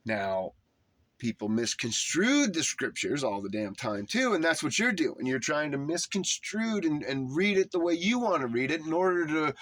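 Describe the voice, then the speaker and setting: A man's voice: fairly high pitch, fairly bright tone, no room sound. A man delivering a heated, profane rant, putting heavy emphasis on his words and tone. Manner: heated, emphatic, swearing often. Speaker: religious commentator.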